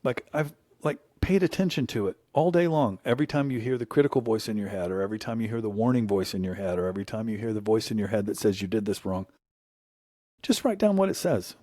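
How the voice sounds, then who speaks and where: Talking fast and expressively, this middle-aged man from the United States is a guest sharing stories in an earnest, reflective way. His lowish voice has a dark tone and lifts when he quotes, and the clean studio audio has no room sound.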